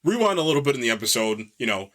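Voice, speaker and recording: A man co-hosting a podcast, eagerly discussing a TV series and breaking in with quick affirmations. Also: mid-range voice, big pitch swings, a bit bright. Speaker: podcast co-host. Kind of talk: casual chat discussing a TV series.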